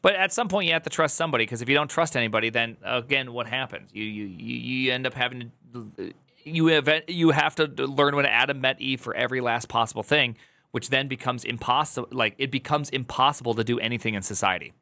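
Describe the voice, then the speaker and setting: Male streamer, casual reaction chat, bright tone, rambling delivery. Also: medium pitch, brisk, vocal fry, dry recording. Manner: rambling, restarts, loud joking asides.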